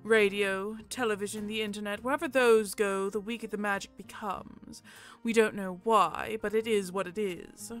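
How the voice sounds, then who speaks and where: A proud, scheming peacock, as a woman plays him spins a tale in a haughty voice, lifted a little in pitch and volume. Faint music hums behind him. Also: steady tone, moderate pace, fairly bright tone, close to an everyday voice. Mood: explaining.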